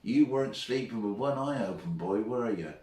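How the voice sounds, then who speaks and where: A man putting on a gruff, menacing movie gunslinger voice with a low, slow growl. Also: lively intonation, dark tone, lightly acted. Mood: teasing. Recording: roomy, from far off the mic.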